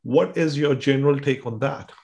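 A man's voice: medium pitch, moderate pace, gravelly, darkish tone. Man asking interview questions. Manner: inquisitive, loosely phrased questions.

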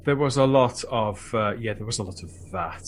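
A man hosting a fan podcast, talking in a wordy, reflective way with animated bursts. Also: fairly low pitch, normal speed, a little hiss or hum. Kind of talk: casual chat and reflective narration.

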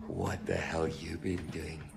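A man's voice: very deep voice, vocal fry, noisy background, full character voice. A man voicing a foul-mouthed, scheming male pet cat in a Scottish accent, sneering and cutting.

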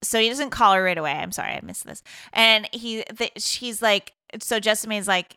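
Bright, chatty woman podcaster. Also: medium pitch, moderate pace, hardly any pauses, clean tone, dry recording, clean studio sound. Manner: chatty, rambling, lots of fillers. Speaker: podcast co-host recapping a film. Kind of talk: casual chat.

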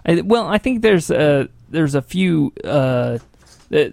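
A man hosting a casual show from a small studio, talking haltingly with many fillers and frequent laughs. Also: a little high, animated, creaky, darkish tone, dry recording. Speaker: show host. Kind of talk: casual chat on a podcast. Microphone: studio microphone.

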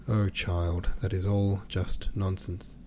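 A man voicing a weary middle-aged senator gently consoling his sister, low and mellow. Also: flat delivery, slow, slight background noise.

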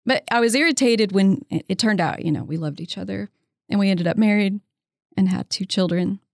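A woman in her fifties, speaking as an interview guest in a relaxed, chatty way with plenty of "um" and "you know." Her voice sits at a mid pitch. She tells her story with animation and acts out the people she quotes. The recording is close and dry. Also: a little fast, gravelly, dry recording. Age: 50s.

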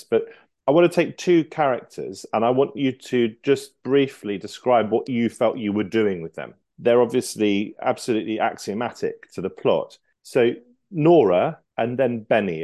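A man interviewing an author, asking careful, measured questions. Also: on the low side, animated, mellow.

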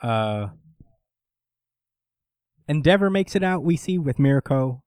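Animated man recapping manga with a buddy. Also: a little high, slow pace, clean tone, dry recording. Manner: animated, swearing, acts out characters' lines. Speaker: podcast co-host recapping manga. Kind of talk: casual chat.

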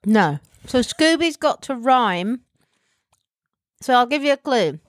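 A woman's voice: fairly high pitch, very animated, slow pace, no echo. A middle-aged woman with a British accent co-hosting a podcast in casual chat, dry and matter-of-fact. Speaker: podcast co-host.

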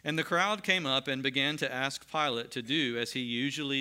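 A male pastor with a bright, forceful voice delivers a sermon in an earnest, emphatic style. He reads scripture aloud between points at a mid pitch for a man. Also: moderate pace, hardly any pauses, smooth.

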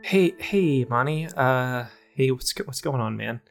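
A man's voice: medium pitch, expressive, measured pace, vocal fry, soft background music. A man in an improv comedy scene playing a hot-headed male chipmunk, a blustering former tough guy. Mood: weary.

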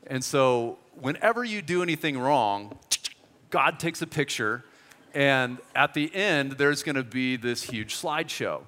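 A man's voice: mid-range voice, expressive, a little slow, sharp tone. A man preaching a sermon in a church hall, telling stories animatedly and acting out quoted voices. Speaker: pastor.

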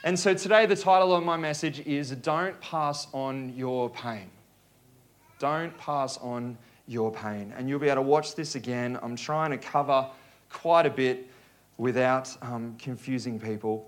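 A man's voice: mid-range voice, fairly even intonation, normal speed. Joking, chatty male preacher. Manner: conversational, joking with the congregation. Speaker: pastor. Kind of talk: sermon.

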